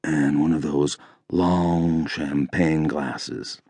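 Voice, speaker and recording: A man voicing a creepy male stalker in a nightclub who speaks in a hushed, menacing way. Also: rumbling low, very slow, dry recording, exaggerated voice. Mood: curt. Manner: quiet, hushed menace; yells when ignored.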